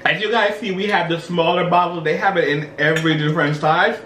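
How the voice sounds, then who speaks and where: A man's voice: a little high, steady tone, a little fast, fairly bright tone. A man hosting a casual mukbang chat and running a guessing game, playful and teasing. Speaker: host. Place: indoors at a dining table. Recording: roomy room, faint noise.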